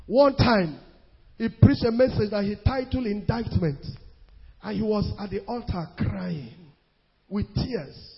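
A male preacher delivering an emphatic sermon. He stretches scripture quotes out slowly and rises into shouts. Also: high-pitched, creaky, husky. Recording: lo-fi recording in a reverberant hall.

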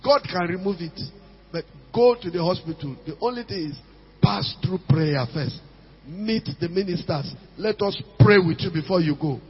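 A man's voice: high-pitched, normal speed, breathy edge. A man preaching a sermon as pastor, emphatic and repetitive, slipping into pidgin phrases. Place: church hall. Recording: dull sound with long hall reverb.

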